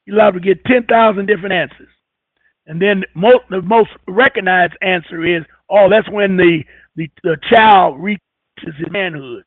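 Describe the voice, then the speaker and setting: A man's voice: high-pitched, no room sound. Rambling man on tinny radio audio. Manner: rambling, halting, repeats words while searching. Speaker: radio talk show host. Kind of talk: casual radio talk.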